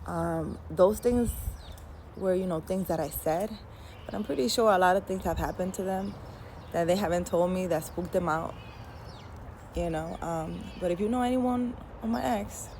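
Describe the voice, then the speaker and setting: A woman's voice: lowish voice, moderate pace, darkish tone, slight background noise. A woman casually telling a personal story to camera, chatty and candid, laughing at herself now and then. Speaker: spiritual storyteller.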